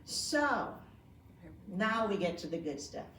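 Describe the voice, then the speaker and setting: This woman teaches yoga and speaks conversationally to a group, often posing questions. Her medium-pitched voice is very animated yet slow, with a fairly bright tone. She's recorded from a distance in an echoey community room.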